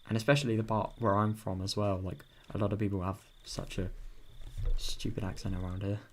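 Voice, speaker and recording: A man's voice: fairly low pitch, level tone, a little fast. A young British man reading a visual novel aloud, breaking off to chat and swear about the story. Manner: chatty, swears often, reacts with sudden bursts. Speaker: video novel reader.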